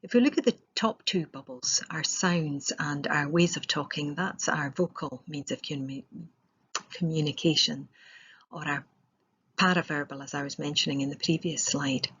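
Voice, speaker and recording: A woman's voice: low voice, moderate pace, fairly bright tone, slightly rough, lo-fi sound. A woman giving a recorded presentation as a trainer, explaining step by step with rhetorical questions and the odd filler.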